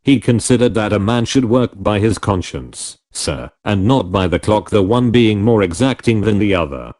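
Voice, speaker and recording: A man voicing a solemn, deferential male manservant with a slight Irish accent and smooth, formal speech. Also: lowish voice, darkish tone, natural voice. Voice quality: smooth, liquid tones. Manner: formal, measured, says sir often.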